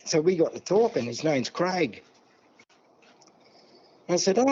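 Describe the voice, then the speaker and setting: An older man from New South Wales with an Australian accent, telling a long story in a relaxed interview and acting out the dialogue. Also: fairly high pitch, moderate pace, pauses often, husky. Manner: yarning, acts out dialogue, many "see?" and "mate". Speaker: guest elder. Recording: dull lo-fi sound.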